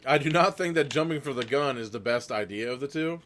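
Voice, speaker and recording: Medium-pitched and fairly bright, this young man talks a little fast over a slight hiss or hum. He's reading a gamebook aloud on a live stream where chat votes, chatting casually, laughing often, and swearing now and then.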